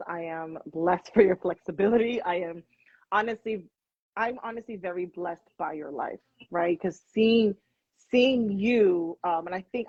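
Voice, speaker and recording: A woman hosting a faith-based live chat, energetic and preachy, repeating words for emphasis. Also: fairly low pitch, slightly rough, no echo. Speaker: live show host. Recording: muffled, lo-fi live stream audio.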